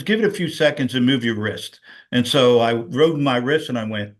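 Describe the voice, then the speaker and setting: A man's voice: medium pitch, a little fast, fairly bright tone. Man, middle-aged, video call, rambling storyteller, lots of fillers. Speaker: guest sharing a personal story. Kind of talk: casual testimonial on a video call.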